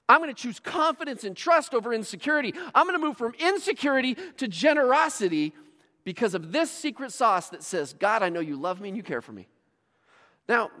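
A high-pitched male pastor delivers a sermon in a large church auditorium. His storytelling is animated, sinking to near hushes and rising to shouts. The hall gives his voice a long, lingering reverb. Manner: animated storytelling, dramatic swings from quiet to shouting.

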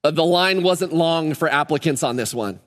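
American male pastor, animated casual preaching, slightly high pitch, echoing sanctuary. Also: moderate pace. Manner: energetic, conversational, rising higher when excited. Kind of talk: sermon. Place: church sanctuary.

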